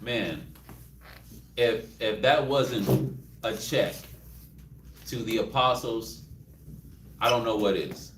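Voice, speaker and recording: A man with a Texan accent teaching a Bible class in an animated, joking way, acting out scenes as he goes. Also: fairly low pitch, takes it slowly, long pauses, a little hiss or hum. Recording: roomy, distant mic.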